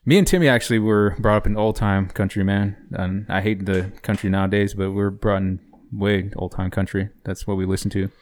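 A man with a lowish voice co-hosts a loose podcast chat. He rambles, laughs often and keeps restarting his sentences. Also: steady tone, brisk, hardly any pauses, darkish tone, a little hiss or hum. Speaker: podcast co-host. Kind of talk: casual chat.

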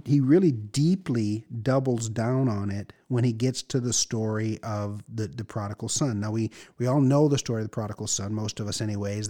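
A man's voice: mid-range voice, a little mellow. A man, a pastor, teaching through a Bible passage in an earnest, conversational way, often repeating words as he gathers his thoughts. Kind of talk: sermon-style Bible teaching.

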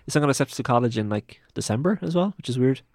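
A man co-hosting a casual film review chat, with quick joking asides. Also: medium pitch, expressive, no room sound, studio quality. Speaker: podcast co-host.

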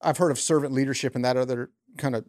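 A man's voice: medium pitch, fairly even intonation, fast talker, a little mellow. A man speaking earnestly as a guest in a casual conversation.

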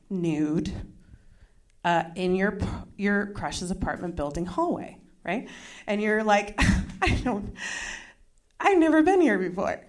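A young woman telling a self-mocking story in a stand-up comedy set, with quick asides to the crowd. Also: fairly high pitch.

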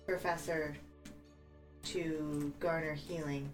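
A woman's voice: sits low, little pitch movement, slow. A woman player chatting casually at a tabletop game. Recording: distant mic with music.

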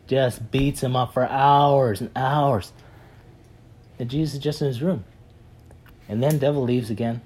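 A man telling a parable in a casual, animated way, with many fillers and repeats. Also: mid-range voice, measured pace, long pauses, husky. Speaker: speaker retelling a parable. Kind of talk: animated storytelling talk.

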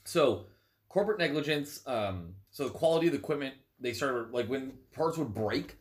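A man's voice: medium pitch, animated, moderate pace. A young man co-hosting a podcast, explaining in a rambling, casual way with lots of fillers, a bit stuffy from a cold. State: stuffy, sneezing. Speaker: podcast co-host. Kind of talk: casual chat.

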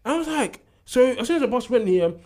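Fast-talking young man. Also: very high voice. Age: young adult. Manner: animated storyteller who acts out quotes and laughs often. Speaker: university student. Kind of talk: casual storytelling chat.

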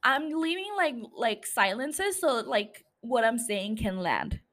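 A woman's voice: fairly high pitch, big pitch swings, slow, fairly bright tone. A young woman hosting a casual solo podcast, rambling, swearing freely and laughing at herself. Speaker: podcast host.

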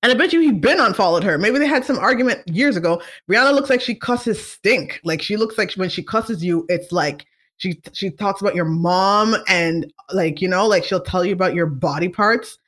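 A woman hosting a casual talk show, chatting in an animated, opinionated way with many fillers and asides. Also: medium pitch, normal speed. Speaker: podcast host. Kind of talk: casual chat.

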